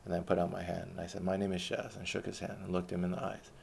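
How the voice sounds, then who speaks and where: Man, very low voice, gravelly, blunt rambling storyteller, retells conversations. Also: monotone, rapid-fire, darkish tone, slight background noise. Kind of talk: personal storytelling monologue.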